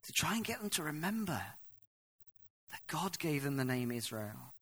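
A man preaching a sermon, reading scripture aloud and explaining it, swinging from hushed to loud. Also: a little high, sing-song, moderate pace, breathy edge.

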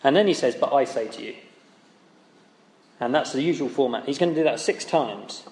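Conversational preacher in an echoey hall. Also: male voice, medium pitch, expressive, moderate pace, darkish tone. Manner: conversational, asks rhetorical tag questions. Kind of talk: sermon.

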